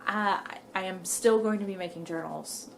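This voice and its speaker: A young woman chats to her viewers in a casual, rambling way. Her voice sits at a middling pitch and she sounds a little out of breath. Faint background noise runs under her talk. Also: normal speed, gravelly. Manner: rambling, chatty, says "y'all". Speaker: knitting vlogger. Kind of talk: casual chat to camera.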